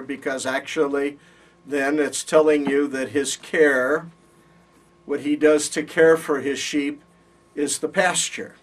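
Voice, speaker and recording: Recorded from afar in a classroom, a man gives a Bible college lecture, explaining patiently and checking in with his students. His voice is a little high and steady, and he takes it slowly.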